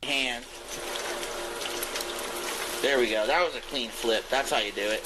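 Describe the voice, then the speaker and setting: A man's voice: medium pitch, measured pace. Man cooking on stream, noisy kitchen. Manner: rambling, profane, narrates each step.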